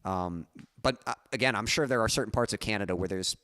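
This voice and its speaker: A man's voice: fairly low pitch, fast talker, pushed and bright, dry recording, studio quality. A young man chatting casually on his music live stream, rambling and correcting himself with small chuckles.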